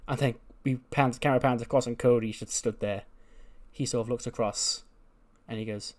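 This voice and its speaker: A man's voice: medium pitch, fairly even intonation, normal speed, darkish tone. A man casually narrating a management game, with loose fillers. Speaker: gaming YouTuber.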